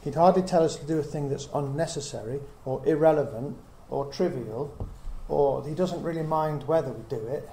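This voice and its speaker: A middle-aged man teaches Scripture earnestly to a small group, his mellow, higher voice flowing at normal speed with few pauses. He reasons out loud, posing many rhetorical questions; the recording has room echo and a faint hiss.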